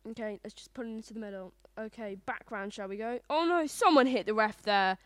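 A woman giving playful, excited sports-style commentary on a family table game. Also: fairly high pitch, a little fast, clear, resonant tone, no echo. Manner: excited, animated.

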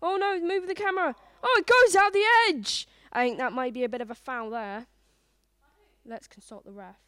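A woman giving playful, excited sports-style commentary on a family table game. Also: high-pitched, moderate pace, clear, resonant tone, no room sound. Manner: excited, animated.

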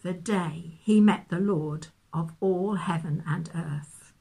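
A woman gently reading a children's Bible story aloud, with expressive storytelling. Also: lowish voice, slow pace, vocal fry, breathy edge.

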